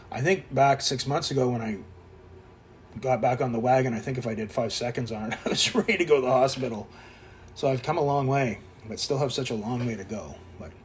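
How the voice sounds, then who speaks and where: A Canadian man in his fifties talks through his gym footage like a coach, plain and blunt and not shy about cursing. His pitch sits in an ordinary middle range, and faint music plays underneath. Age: 50s. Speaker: fitness vlogger. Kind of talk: casual voice-over vlog.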